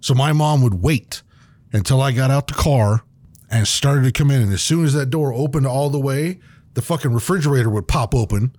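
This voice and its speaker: Animated swearing guy, mid voice, dead-dry sound. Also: medium pitch, fairly quick, no echo. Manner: animated, profane, acts out quotes. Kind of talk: casual chat.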